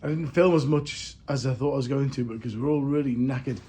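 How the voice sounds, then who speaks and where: A tired-sounding man vlogs casually while traveling, chatting and joking at his own expense. His medium-pitched voice is brisk and slightly rough, set against loud street and crowd noise.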